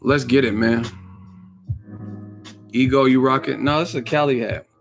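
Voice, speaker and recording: A man hosting a boxing live stream, hyped and slangy, rattling off quick shout-outs in casual chat. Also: medium pitch, fairly even intonation, faint music behind. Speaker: boxing channel host.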